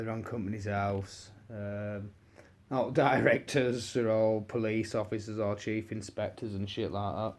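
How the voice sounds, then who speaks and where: A man's voice: medium pitch, darkish tone. A man with an English accent answering questions and telling a rambling anecdote, full of restarts and slang. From England. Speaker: person answering audience questions. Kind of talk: casual Q&A storytelling.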